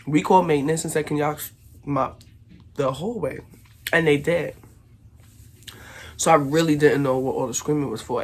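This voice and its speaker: A woman from Brooklyn, telling a casual storytime to her viewers and acting out the shouting in it. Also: low-pitched, slightly rough. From Brooklyn, New York. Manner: animated, acts out shouted quotes. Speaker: vlogger.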